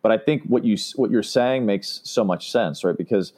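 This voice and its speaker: A man's voice: fairly low pitch, normal speed, a little mellow. A man hosting a podcast, affirming and thoughtful, restarting his sentences as he talks. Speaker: podcast host. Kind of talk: casual conversation.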